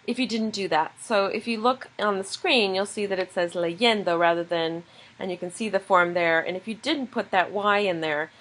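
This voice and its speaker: A woman teaches a recorded video lesson. She explains each grammar point patiently and clearly, one step at a time, in a voice of ordinary pitch. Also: a bit bright, rough recording. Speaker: Spanish teacher.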